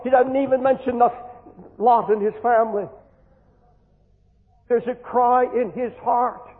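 High-voiced man preaching, echoey tinny tape. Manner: impassioned, repeats words when pleading. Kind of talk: fervent sermon. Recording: tinny hall recording with long echo.

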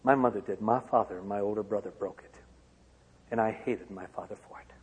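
A man from Michigan giving a personal testimony to an auditorium, swinging from loud outbursts to hushed lines. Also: on the low side, brisk, breathy edge. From Michigan, USA. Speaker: speaker. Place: large auditorium. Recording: long hall reverb.

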